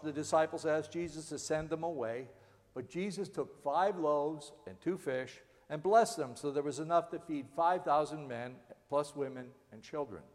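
Man preaching in a reverberant hall. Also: a little high. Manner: earnest preaching, dramatic readings of scripture and pleas. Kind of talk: sermon.

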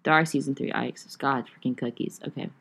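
Low-voiced chatty young woman. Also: fairly even intonation, fairly quick, vocal fry, fairly bright tone, slightly rough. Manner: rambling, chatty, frequent fillers and swearing. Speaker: podcast host. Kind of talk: casual solo podcast chat.

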